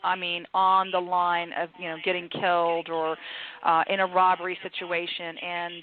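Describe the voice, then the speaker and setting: A woman's voice: on the low side, completely flat delivery, normal speed. A woman with a Texan accent hosting a casual radio panel on conflict coaching, chatty and full of restarts. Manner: chatty, many restarts and fillers, acts out quotes. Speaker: radio show host. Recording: tinny phone-line internet radio.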